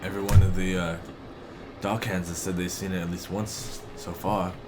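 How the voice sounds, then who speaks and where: Low-voiced guy running a tabletop game, laid-back and halting, music behind. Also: little pitch movement. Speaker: game master.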